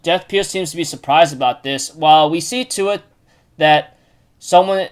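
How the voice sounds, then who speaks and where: A man's voice: on the high side, normal speed, smooth. A man casually recapping a manga chapter, rambling with many fillers and restarts.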